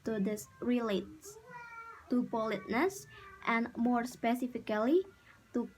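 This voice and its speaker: Slow-reading young woman presenting a lesson. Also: on the high side, expressive, a little mellow, slight background noise, rough recording. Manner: slow, careful reading with restarts. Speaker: student presenter.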